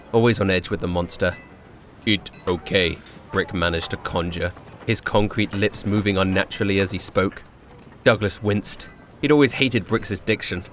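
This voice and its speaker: A man's voice: lowish voice, a little hiss or hum. A man narrating his character's backstory in a wry storytelling manner.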